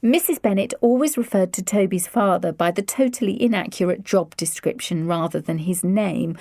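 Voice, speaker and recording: A woman narrating an audiobook in an expressive reading voice. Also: medium pitch, dry recording, clean studio sound. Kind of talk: scripted narration.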